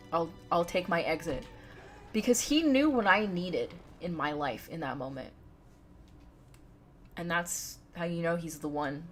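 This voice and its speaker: A woman's voice: lowish voice, a bit bright. A woman live-streaming a game from home, chatting and giggling as she talks straight to her chat. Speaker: livestreamer.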